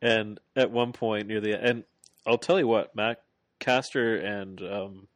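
A man co-hosting a casual podcast, recapping a wrestling match in a rambling, animated play-by-play full of fillers. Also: lowish voice, unhurried, no echo. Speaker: podcast co-host.

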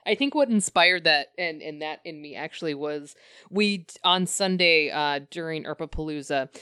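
Giggly woman podcaster, smooth dry voice. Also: low-pitched, animated, normal speed, sharp tone, no room sound. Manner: giggly, rambling, self-mocking. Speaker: podcast co-host. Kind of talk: casual chat. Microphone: compact podcast mic.

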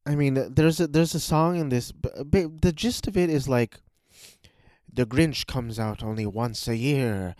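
A man's voice: mid-range voice, normal speed, darkish tone, no echo, clean studio sound. A man casually reviewing cartoon specials in a rambling, hesitant way, with frequent restarts.

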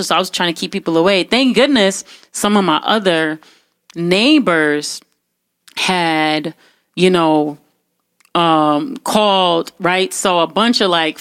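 A young woman telling a personal story in casual talk, animated and full of fillers and restarts. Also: lowish voice, clear, resonant tone, no room sound, clean studio sound. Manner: animated, acts out quotes, many fillers and restarts.

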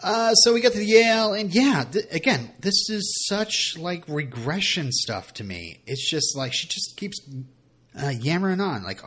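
Podcast co-host, male, chatty and rambling; lively pitch swings. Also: measured pace, husky. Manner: rambling, animated, many fillers. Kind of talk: casual TV recap chat.

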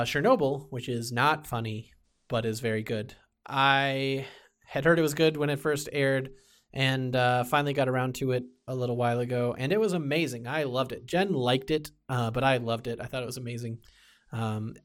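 A man's voice: medium pitch, fairly even intonation, brisk, fairly bright tone. A man chatting casually about TV shows, rambling with many fillers and restarts. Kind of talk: casual chat.

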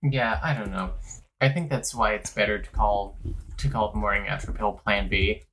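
A woman's voice: extremely low pitch, moderate pace, a little hiss or hum, rough recording. A woman co-hosting a podcast, chatting casually about a romance novel and reading passages aloud. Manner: relaxed, reads passages aloud then comments. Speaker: podcast co-host. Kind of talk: casual book-club chat.

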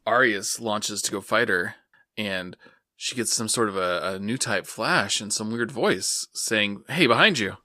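Low-voiced man with a sharp, dry sound. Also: a little slow, no echo. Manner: steady plot summary with frequent "uh" fillers. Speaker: podcast co-host recapping an anime episode. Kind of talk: casual chat.

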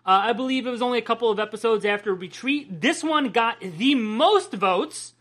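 Casting: woman co-host with a bright, forceful voice, chatty and swearing casually. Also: fairly high pitch, lively intonation, moderate pace. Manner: enthusiastic, swears casually, acts out quotes. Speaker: podcast co-host. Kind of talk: casual chat recapping a cartoon episode.

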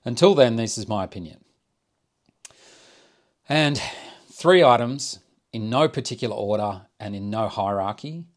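A middle-aged man, an architect hosting a solo podcast and talking in a measured, reflective way as he thinks aloud into a close microphone. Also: fairly low pitch, expressive. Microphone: close desk microphone.

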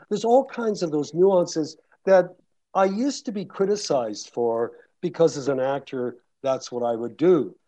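A man's voice: fairly high pitch, mellow. A man who narrates audiobooks, talking casually to an audience in a rambling way with many restarts and fillers. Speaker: audiobook narrator and guest speaker.

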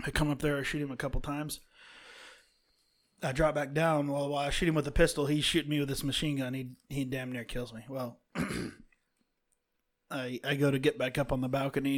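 A young man with hiccups telling a casual story about his son, halting and restarting as he goes. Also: medium pitch. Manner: halting, restarts often, apologizes.

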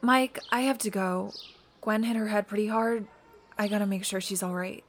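A woman's voice: medium pitch, a little hiss or hum. A woman acting a friend in an audio drama, emotional and accusing. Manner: emotional, accusing, then flat and slow. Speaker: character Erin.

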